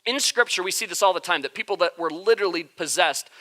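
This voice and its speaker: Man, pastor, casual joking sermon, high bright voice. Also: quick pace. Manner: joking, conversational, animated. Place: church sanctuary.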